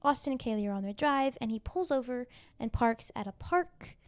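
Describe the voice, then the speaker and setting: A woman's voice: a little high, animated, a little fast. A young woman hosting a casual recap of a TV drama, talking chattily with lots of "like" fillers and side comments. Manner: chatty, full of "like" fillers and asides. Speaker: YouTube recap host.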